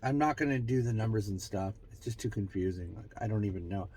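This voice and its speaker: A man's voice: fast talker, breathy edge, dry recording. A man hosting his own show, musing aloud in a rambling, self-mocking way, trailing off and restarting as he relays channeled messages. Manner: pitch and loudness swing widely, from bright bursts to low mutters. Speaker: host. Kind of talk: casual spiritual channeling monologue.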